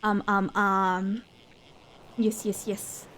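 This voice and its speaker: A young woman streaming a game in casual chat, excitable, gasping often and repeating her phrases. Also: medium pitch, extremely slow, a little hiss or hum.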